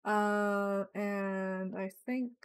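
A woman's voice: mid-range voice, fairly even intonation, very slow, clear, resonant tone. A young woman streaming a game, chatting casually with viewers, reading chat aloud and giggling often. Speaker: live streamer. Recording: music playing behind the voice.

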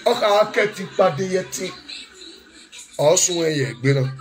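A man in an emotional monologue, switching between shouting, pleading apologies and snatches of song, with Pidgin mixed in. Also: sits high, lively intonation, moderate pace. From Nigeria. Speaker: social media commentator. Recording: faint music behind.

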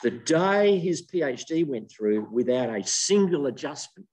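An older man giving a humorous keynote lecture as a professor, an animated storyteller who jokes as he goes. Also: a little high, measured pace, distant mic, rough recording. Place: lecture room with online audience.

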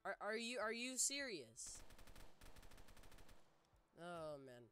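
A young woman giving excitable gameplay commentary, exclaiming and narrating her moves to viewers. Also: medium pitch, slow, pauses often, clear, resonant tone. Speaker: gaming YouTuber.

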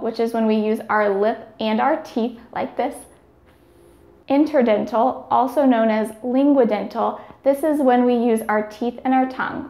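A woman's voice: a little high, gravelly, a little mellow, echoey room. A woman giving scripted speech therapy instruction, carefully demonstrating each sound.

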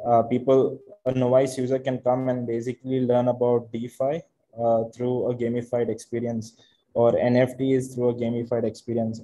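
Founder: 20s man, Indian accent, very dark and flat tone, hesitant. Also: medium pitch, lo-fi sound. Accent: Indian English. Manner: hesitant, many fillers. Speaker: startup founder presenting. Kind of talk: casual video call pitch.

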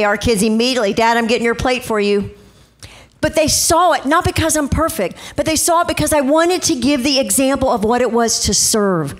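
A middle-aged woman pastor preaching a sermon, telling family stories and acting out the voices in them. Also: sits high. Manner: animated storytelling, acts out quotes. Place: church stage.

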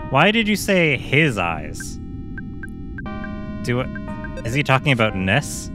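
A man's voice: mid-range voice, huge pitch swings, slow, pauses often, over music. A man hosting a let's play, chatting and joking casually as he plays. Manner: jokey, laughing, chatty. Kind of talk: casual game commentary.

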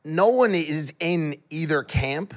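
A man's voice: on the high side, expressive, slow pace, a bit bright. A man co-hosting a casual podcast chat, thinking aloud in long rambling sentences with restarts and casual swearing. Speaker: podcast co-host. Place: podcast studio.

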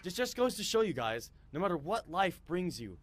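Shrieking high-voiced gaming host. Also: male voice, big pitch swings, fairly quick, music in the background. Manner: loud, yelling, swearing, cheering himself on. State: strained from yelling. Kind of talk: excitable gaming commentary.

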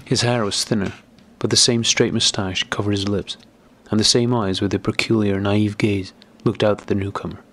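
A man narrating a classic novel as an audiobook in a measured, deliberate reading. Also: lowish voice, little pitch movement, a bit bright.

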